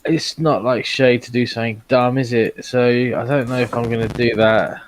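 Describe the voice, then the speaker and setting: A man's voice: medium pitch, steady tone, normal speed, no room sound. A man playing a tabletop role-playing game, thinking aloud and weighing his options with some hesitation. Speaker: player.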